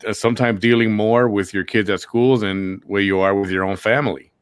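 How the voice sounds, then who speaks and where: A man with a lowish voice hosts a relaxed podcast chat, easygoing and earnest with his guests. The sound is dry and close. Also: brisk, clear, resonant tone, no echo. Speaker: host.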